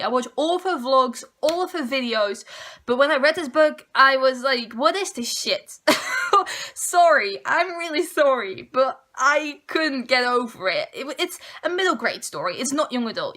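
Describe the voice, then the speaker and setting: Young woman book vlogger, high voice, ranting and exasperated, casual monologue. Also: a bit bright. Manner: exasperated, ranting, dramatic sighs.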